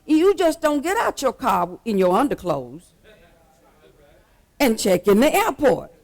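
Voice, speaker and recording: Woman pastor, high and very lively voice, slow deliberate sermon delivery, repetitive call-and-response, soft asides breaking into shouts. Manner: swings between hushed asides and shouted exhortation.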